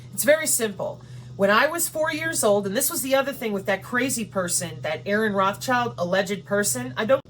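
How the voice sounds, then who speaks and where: A woman's voice: medium pitch, a little hiss or hum. A woman hosting her own channel, delivering a profane, confrontational ranting monologue. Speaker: channel host.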